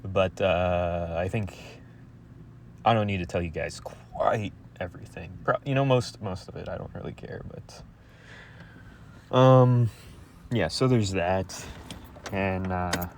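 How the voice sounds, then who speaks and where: A young man talking to his viewers in a crude, rambling monologue, halting with many fillers. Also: low voice, slight background noise.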